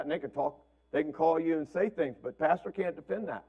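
A man's voice: a little high, expressive, fairly quick, highs cut off. A man preaching a conversational sermon as pastor, repeating words and checking in with "right?". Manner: asks "right?" constantly, repeats words, acts out family quotes.

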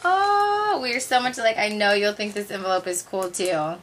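A young woman vlogger gushing quickly through a craft-supply unboxing, giddy and talkative after extra coffee. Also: mid-range voice, a bit bright, slight background noise. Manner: gushing, fast, over-caffeinated. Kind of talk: excited unboxing chat.

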